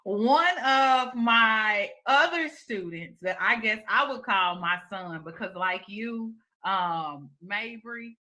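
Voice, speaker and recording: A woman co-hosting a casual video-call chat, a former teacher who teases her friend in a lively way. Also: on the high side, slow pace, few pauses. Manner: lively, teasing.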